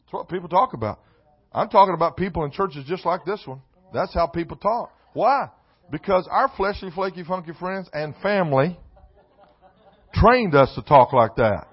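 A man preaching a sermon in a church, mixing loud emphatic lines with comic asides. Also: on the high side, expressive, moderate pace, breathy edge, highs cut off. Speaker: pastor. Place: church sanctuary.

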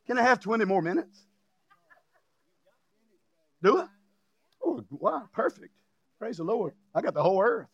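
A man preaching, his voice pitched unusually high for a man, with a gravelly edge. He swings between emphatic shouted points and jokey asides. The sound is close and dry. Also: wildly swooping pitch, slow, pauses often, dry recording. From Louisiana. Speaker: pastor. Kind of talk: sermon.

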